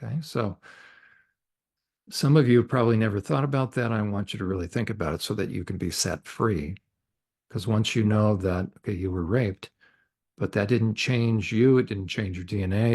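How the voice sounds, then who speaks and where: A man's voice: on the low side, moderate pace, a little mellow, husky. A male counselor speaking as a podcast guest in an earnest, faith-based teaching talk, emphatic and posing rhetorical questions he answers himself.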